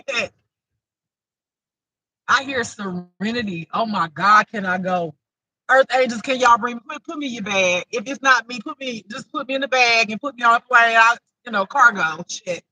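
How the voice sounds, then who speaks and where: A woman giving a casual intuitive spiritual reading, talking emphatically and breaking into loud, laughing outbursts. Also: a little high, moderate pace, dry recording, low-quality recording.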